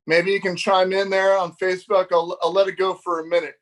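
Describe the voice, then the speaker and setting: A middle-aged man, a fishing magazine editor, telling stories on a live show in a lively, laughing way and acting out the dialogue. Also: high voice, a little fast. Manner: animated, laughing, acts out dialogue. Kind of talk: casual storytelling on a live show.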